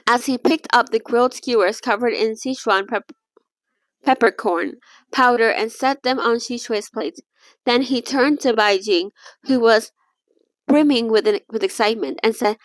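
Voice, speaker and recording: A woman's voice: on the high side, normal speed, no echo. A young adult woman casually reading a novel aloud, stumbling over words, restarting lines and breaking off to comment. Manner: stumbles and restarts, laughs and comments between passages. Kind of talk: casual read-along with asides.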